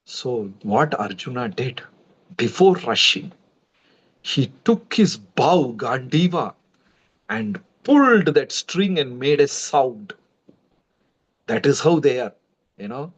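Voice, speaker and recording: A man tells a devotional story in a chatty, animated way and speaks to his audience directly. His voice sits fairly high. The sound is dull and lo-fi, as from a livestream. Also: measured pace, long pauses. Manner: conversational, animated, addresses viewers. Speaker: preacher, storyteller.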